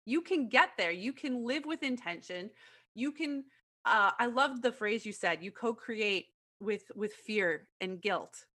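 A woman's voice: a little high, expressive, a little slow, bright, forceful tone. A woman podcast host reflecting on the guest's words and speaking directly to listeners.

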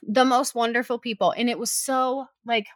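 A woman's voice: a little high, steady tone, moderate pace, dry recording, studio quality. A young adult woman telling a personal story in casual chat, with lots of "like" fillers and acted-out quotes.

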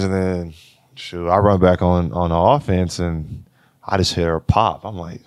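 Young man, deep even monotone, laid-back slangy storyteller, interview guest. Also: normal speed, clear, resonant tone, no echo. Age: 20s. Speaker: college basketball player, guest.

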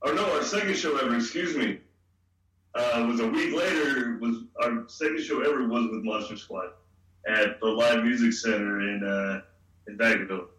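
Band dude chatting on a podcast, laughs easy, sits back from the mic in an echoey room. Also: male voice, medium pitch, moderate pace, a bit bright, a little hiss or hum. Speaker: band member guest. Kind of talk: casual interview chat. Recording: roomy echo, distant from mic.

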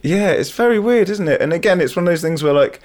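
A man hosting a podcast, relaxed and agreeable, thinking aloud in casual chat. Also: high voice, quick pace. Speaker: podcast host.

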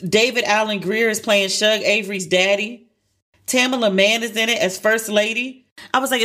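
A woman co-hosting a casual pop-culture chat show, animated and chatty, often acting out her own reactions in high tones. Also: normal speed. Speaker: podcast co-host.

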